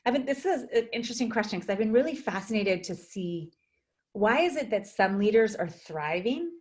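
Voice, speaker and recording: A woman's voice: medium pitch, animated, moderate pace. A woman psychologist, a guest in a video interview, speaking thoughtfully with frequent fillers and restarts.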